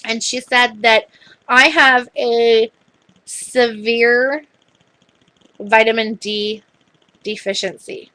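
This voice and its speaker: A woman's voice: on the high side, steady tone, takes it slowly, pauses often, pushed and bright. Chatty young woman telling a story. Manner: chatty, retelling a phone call at length. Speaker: vlogger. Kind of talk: casual chat.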